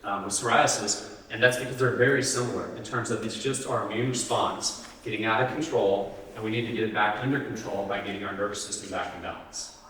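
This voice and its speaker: A man's voice: lowish voice, fairly even intonation, a little fast, bright, forceful tone, a little hiss or hum. A man giving a live health talk, speaking conversationally and often putting questions to the audience. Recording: roomy hall, distant mic.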